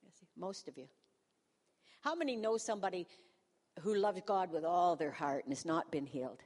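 A woman's voice: fairly low pitch, moderate pace, darkish tone. A woman in her sixties, a pastor's wife, telling a humorous personal testimony to a congregation in a self-mocking, storytelling manner, in a church hall.

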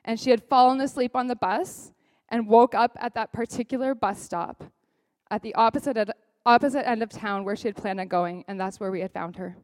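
A woman tells a personal testimony from the pulpit. Her voice sits fairly high. She is a lively storyteller who slips into the dialogue as she goes, and the sound is close and dry. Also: fairly quick, dry recording. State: briefly choked up. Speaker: speaker sharing a personal testimony. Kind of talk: sermon storytelling.

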